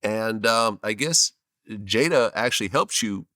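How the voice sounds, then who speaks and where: A man's voice: fairly low pitch, lively intonation, measured pace, bright, forceful tone, dry recording, clean studio sound. A man hosting an interview, recapping the guest's story and asking leading questions. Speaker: interviewer, host.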